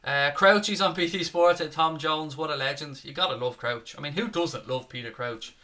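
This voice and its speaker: A man's voice: a little high, normal speed, bright, forceful tone. Chatty Dublin man hosting a watchalong. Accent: Dublin Irish. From Ireland (Dublin). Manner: chatty, swears freely, jokey asides to viewers. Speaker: fan channel co-host running a live match watchalong. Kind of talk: casual live-stream chat reading viewer comments. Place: home room, at his desk. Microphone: desk setup with webcam.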